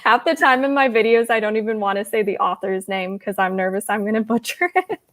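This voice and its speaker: A woman's voice: mid-range voice, brisk. A young woman hosting a casual livestream chat, giggly and rambling, filling her talk with "like". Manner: giggly, chatty, rambling with many "like"s. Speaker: host reading live chat.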